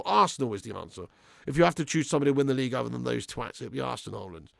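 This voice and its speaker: A man's voice: medium pitch, lively intonation, racing, vocal fry, no echo, studio quality. A young man hosting a live match watch-along, swearing freely and reading out viewer messages. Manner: crude, swearing fan banter; reads out viewer super chats. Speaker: fan channel host.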